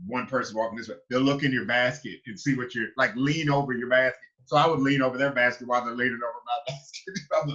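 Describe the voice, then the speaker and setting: Animated storytelling man, bright voice. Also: mid-range voice, quick pace, few pauses. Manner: animated storyteller, acts out reactions with loud exclamations. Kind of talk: casual chat. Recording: muffled lo-fi sound.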